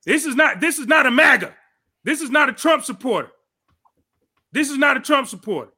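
A man hosting a podcast, giving heated, profane political commentary and shouting angrily. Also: extremely high pitch, animated, brisk. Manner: angry, shouting, profane ranting. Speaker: podcast host.

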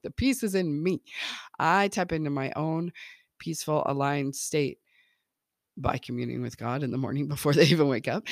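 A woman's voice: low-pitched, no room sound, clean studio sound. A woman parenting coach talking casually, laughing often and checking in with her listeners. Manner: chatty, laughs often, keeps checking in with "okay?" and "right?".

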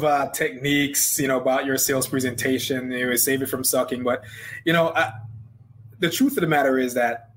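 A man's voice: mid-range voice, a bit bright, rough recording. A man with a Jamaican accent, a business coach talking earnestly and emphatically as a guest in a casual interview, often repeating phrases.

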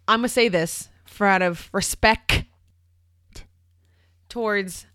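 A woman's voice: mid-range voice, slow, fairly bright tone, clean tone, dry recording, studio quality. A woman co-hosting a casual podcast, blunt and slangy, swearing freely and explaining things like a trainer. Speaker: podcast co-host.

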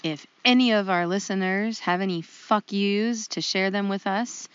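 A woman's voice: mid-range voice, normal speed, smooth, no echo, muffled recording. A woman co-hosting a podcast, chatting casually with wry jokes, hesitant fillers and frequent laughter. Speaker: podcast co-host.

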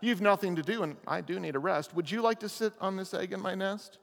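Male preacher putting on a lazy, coaxing she-bird for a storybook, raised pitch, long hall echo. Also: brisk, vocal fry, a bit bright. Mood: wheedling. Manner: sing-song rhyming storybook reading. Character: lazy, flighty female bird wheedling for a break.

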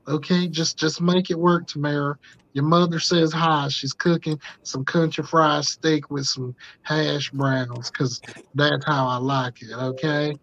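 A man putting on a Southern US accent to play a folksy middle-aged white father leaving voicemails, gravelly voice on dull lo-fi audio. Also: on the high side. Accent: Southern US, put on.

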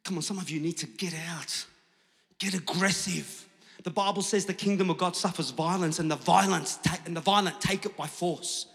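Here the preacher's voice sits high, gravelly and a bit bright, moving at a moderate pace. It's a sermon to his congregation in a big church hall, full of energy, with frequent exaggerated impressions of a skeptical listener, all carried on long reverb.

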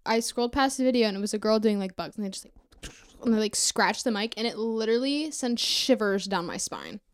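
A woman's voice: medium pitch, big pitch swings, a little fast. A woman guest on a casual podcast chat in a bathroom, telling stories in a bubbly way full of fillers. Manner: bubbly, filler-heavy storytelling. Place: bathroom, seated.

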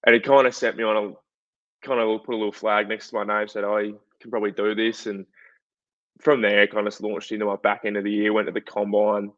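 A young Australian man, a guest footballer, telling a story in a chatty, animated way full of fillers. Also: lowish voice, fairly quick, no echo. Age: young adult. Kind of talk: casual interview storytelling. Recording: dull, dry lo-fi podcast audio.

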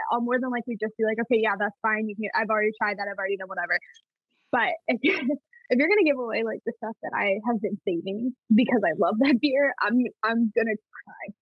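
A young woman guest on a podcast chats and laughs her way through lively family anecdotes. Her voice is on the high side and a touch husky. The recording is dry and a little dull. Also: dry recording. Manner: giggly, animated storytelling. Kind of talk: casual chat. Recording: dull lo-fi sound.

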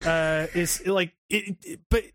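Casual podcast co-host, male, higher pitch, rambling and profane, dead-dry room. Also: slow pace, a bit bright, no echo. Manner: rambling, profane, many restarts and fillers; laughs often while talking. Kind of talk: casual chat.

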